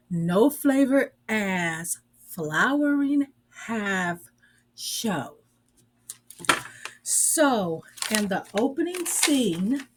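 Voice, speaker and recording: Woman, sarcastic recap vlogger, unhurried delivery. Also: mid-range voice. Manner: sassy, sarcastic, drawling storyteller. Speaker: reviewer. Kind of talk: casual recap and commentary.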